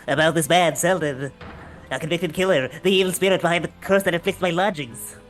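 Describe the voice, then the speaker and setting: A man reading game dialogue aloud, voicing a mustached Japanese gentleman lodger in a nasal, gangster-style drawl. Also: on the high side, fairly quick, soft background music, natural voice. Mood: gloomy. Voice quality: nasal, mob-boss drawl.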